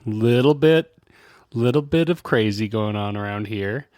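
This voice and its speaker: A man co-hosting a podcast, telling stories in a relaxed chat, worn out and often laughing. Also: on the low side, normal speed, no echo, clean studio sound. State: tired from a child's sleep regression. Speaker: podcast co-host.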